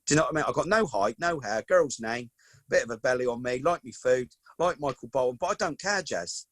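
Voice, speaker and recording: A man, a podcast guest telling stories in a lively, casual way and calling the host "mate". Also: medium pitch, fairly quick, no echo. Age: 40s. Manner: lively anecdotal, peppers talk with "mate" and "do you know what I mean". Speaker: podcast guest, football coach. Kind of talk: casual storytelling chat.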